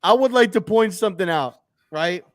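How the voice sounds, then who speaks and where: A man's voice: high voice, expressive, normal speed, a bit bright. A man co-hosting a sports talk show, teasing his partner and interrupting to push back on his claims. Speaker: sports podcast co-host. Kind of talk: casual sports debate.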